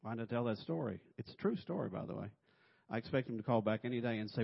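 A man's voice: medium pitch, quick pace, gravelly. A man preaching a sermon in a conversational way, with humorous asides and acted-out quotes. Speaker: pastor. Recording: dull lo-fi recording.

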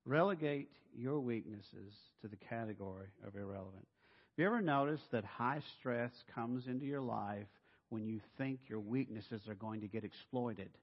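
A middle-aged man, a pastor, preaching a sermon in an animated, humorous way and acting out voices. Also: lowish voice, normal speed. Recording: dull sound in a reverberant hall.

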